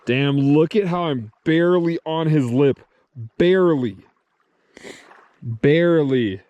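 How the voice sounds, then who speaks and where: A man vlogging his solo fishing trip outdoors, talking excitedly to the camera and the fish he catches, swearing casually as he films himself. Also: fairly high pitch, slow, dry recording, dull audio. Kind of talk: excited outdoor vlog commentary. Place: outdoors on a reservoir shore.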